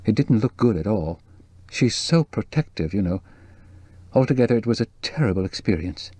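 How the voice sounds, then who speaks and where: A man's voice: lively intonation, normal speed, mellow, no echo. A man voicing a breathless, nervous woman. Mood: anxious. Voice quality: low-pitched and breathless. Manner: nervous, jumpy, worried. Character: anxious, fragile young woman widow. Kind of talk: audiobook dialogue reading.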